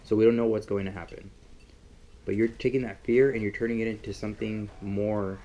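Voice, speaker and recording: A man's voice: lowish voice, little pitch movement, fairly quick, dark tone, muffled recording, slight background noise. A young man rambling casually about his political opinions in a vlog, with lots of filler words. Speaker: vlogger.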